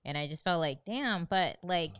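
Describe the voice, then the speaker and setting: A woman's voice: lowish voice, lively intonation, normal speed, fairly bright tone, clear, resonant tone, dry recording. A woman chatting casually and telling stories, with many "like" fillers. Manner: storytelling, lots of "like" and "um" fillers. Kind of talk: casual chat.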